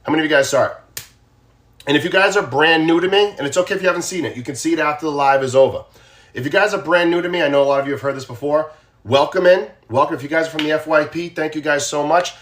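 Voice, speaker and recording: A man with a Boston accent hosts a casual true crime livestream from his phone. His voice sits slightly high for a man. He chats directly with his viewers and repeats his questions to them. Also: quick pace, fairly bright tone.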